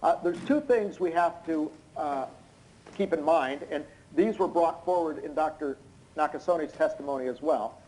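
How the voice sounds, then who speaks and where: A hoarse, tired man giving expert courtroom testimony over a video call, explaining in an unnaturally loud voice with many hesitant fillers. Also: a little high, moderate pace, poor audio. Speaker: expert witness. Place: indoors in London at night.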